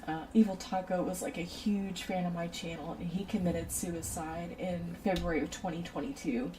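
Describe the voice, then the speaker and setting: A woman's voice: on the low side, fairly even intonation, normal speed, mellow, far from the mic, a little hiss or hum, low-quality recording. A woman chatting casually on a livestream, rambling off on tangents and talking straight to her viewers. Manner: talks straight to chat viewers. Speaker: streamer.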